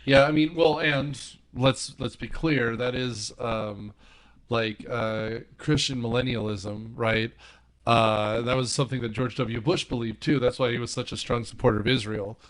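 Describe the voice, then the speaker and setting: A man's voice: mid-range voice, fairly even intonation, unhurried, a bit bright. A man on a movie podcast panel, animatedly retelling film scenes and giggling as he talks. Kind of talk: casual movie discussion.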